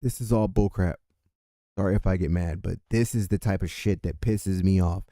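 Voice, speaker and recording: Here the California host's voice sits low, with fairly even intonation, a moderate pace and a mellow tone as he rants furiously and curses often about politics. There's no room sound, and the quality is studio-grade.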